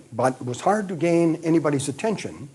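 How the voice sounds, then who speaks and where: An older man with an American accent reminisces at an unhurried, storytelling pace. His voice is mellow and warm, with a slightly husky edge. He lingers on the details as he recalls his travels. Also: fairly high pitch, big pitch swings. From United States. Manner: measured, detailed recollection. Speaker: retired history professor recounting travels.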